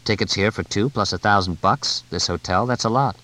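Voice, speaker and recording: A man's voice: fairly low pitch, fairly quick, sharp tone, rough recording. A man voicing a wry young American man who answers in short, dry replies, in an audiobook. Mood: curt.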